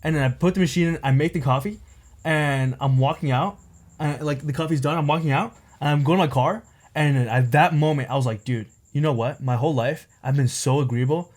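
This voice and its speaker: Fast-talking young man telling a story. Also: fairly high pitch, a little mellow. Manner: rambling, packed with "like" and "right?". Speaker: podcast co-host. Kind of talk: casual storytelling chat.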